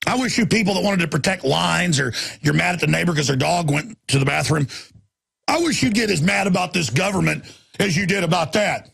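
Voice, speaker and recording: A man hosting a talk radio show rants with a raised pitch and a husky edge. He drops into low, tired muttering, then climbs back up into shouting. The voice is rough and gravelly throughout. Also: animated, fairly quick. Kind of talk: impassioned talk radio monologue.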